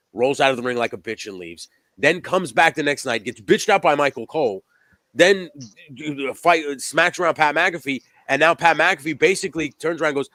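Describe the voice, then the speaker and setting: A man's voice: mid-range voice, bright, forceful tone, no echo. A man co-hosting a live podcast, talking casually about wrestling in a rambling, emphatic way, with frequent swearing. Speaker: podcast co-host.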